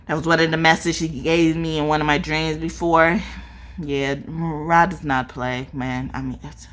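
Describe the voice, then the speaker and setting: A woman giving a casual spiritual tarot card reading, talking in an animated, profane way and laughing often. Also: low voice, moderate pace. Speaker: tarot reader.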